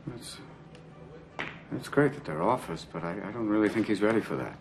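An actor playing a calm, guarded middle-aged male therapist with a dry way of talking. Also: fairly low pitch, brisk. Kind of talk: film dialogue. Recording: film scene with music behind.

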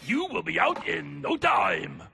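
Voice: mid-range voice, big pitch swings, measured pace, vocal fry, pushed and bright, raised voice, exaggerated voice. An actor voicing a goofy, overconfident cartoon robot who stammers when proven wrong.

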